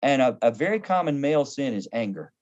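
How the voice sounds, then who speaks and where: A man's voice: medium pitch, fairly quick. A man in his fifties, a pastor and counselor, telling stories in conversation with humor and acted-out quotes. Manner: humorous, animated, acts out quoted voices. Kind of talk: conversational storytelling on a podcast. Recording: dull lo-fi audio.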